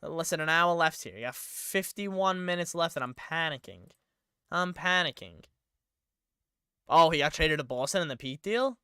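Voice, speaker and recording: A man's voice: a little high, moderate pace, pushed and bright, clean tone, no echo, studio quality. A young man rambling through live-stream sports commentary, thinking aloud and getting himself worked up.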